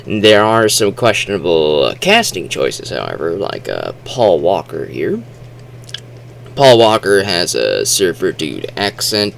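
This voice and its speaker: Male reviewer, casual and rambling, low and gravelly, lively pitch, quick to play out quotes in voices. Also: slight background noise. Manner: rambling and chatty, with many fillers and restarts; acts out quotes in animated voices. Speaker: movie reviewer. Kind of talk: casual spoken movie review.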